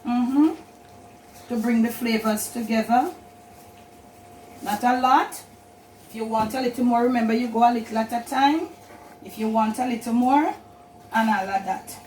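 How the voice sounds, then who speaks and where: A woman's voice: on the high side, moderate pace, long pauses, a little mellow, slight background noise, low-quality recording. Jamaican lady doing a cooking show at home, chatty how-to talk, pots clinking a bit in the back. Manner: chatty, instructive, repeats "and all of that". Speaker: cooking channel host. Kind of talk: casual cooking demonstration. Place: home kitchen.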